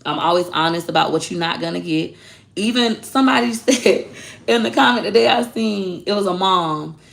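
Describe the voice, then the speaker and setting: A woman's voice: lowish voice, moderate pace, gravelly. A woman who teaches online social media classes, speaking bluntly and animatedly in a casual livestream talk. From Florida.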